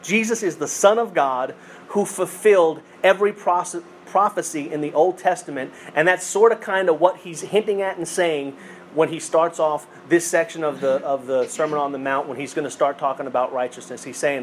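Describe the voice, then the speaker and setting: A man's voice: fairly high pitch, normal speed, slight background noise. Conversational man preaching a sermon. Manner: conversational teaching with repeated phrases and self-corrections. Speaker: pastor.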